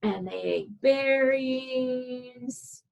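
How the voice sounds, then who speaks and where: A woman librarian reading a picture book aloud to preschoolers, animated and playful, asking the children questions as she goes. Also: high-pitched, very slow, vocal fry, low-quality recording.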